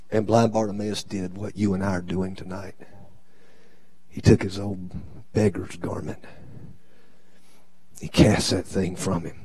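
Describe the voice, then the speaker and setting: A man preaching a live sermon as a bishop, with a preacher's cadence that swings from shouting to hushed tones. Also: deep voice, flat delivery, measured pace, pauses often, breathy edge.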